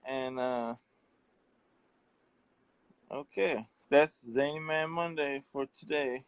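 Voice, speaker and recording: A man's voice: medium pitch, clean tone, no echo. A man hosting a casual talk show, wrapping up in an easygoing way. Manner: slow, easygoing wrap-up talk. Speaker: show host. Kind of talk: casual chat. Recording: dull, lo-fi dry sound.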